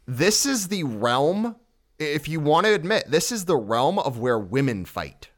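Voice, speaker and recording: Lecturing male podcast host, lively pitch. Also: measured pace. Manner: lecturing, declarative pronouncements. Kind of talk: casual opinionated chat.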